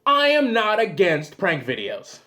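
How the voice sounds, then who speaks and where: High-voiced ranting man host. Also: huge pitch swings, unhurried. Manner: loud, exasperated, swearing, acting out little scenes. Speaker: host of a commentary show. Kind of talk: angry comedic rant.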